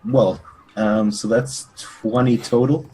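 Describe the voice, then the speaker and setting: A man playing a tabletop role-playing game, describing his character's moves in a halting, deadpan way. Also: mid-range voice, slight background noise, rough recording. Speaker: player.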